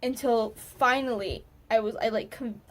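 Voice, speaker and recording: A woman student recapping a game to her viewers in a casual, animated way, swearing now and then. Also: a little high, a little slow. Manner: animated, excitable, swears freely. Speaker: gaming vlogger, student.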